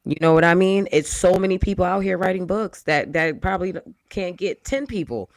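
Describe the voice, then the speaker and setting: A man's voice: high voice, a little fast, dry recording, studio quality. A man co-hosting a casual panel talk, giving blunt advice in a lecturing, conversational way. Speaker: podcast co-host.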